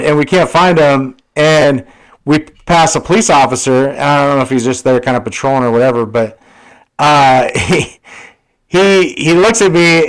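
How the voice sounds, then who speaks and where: Animated, slightly high-voiced male storyteller. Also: rough recording. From Washington State, US. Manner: animated storyteller, acts out quotes, swears freely. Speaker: podcast co-host. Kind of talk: casual storytelling chat.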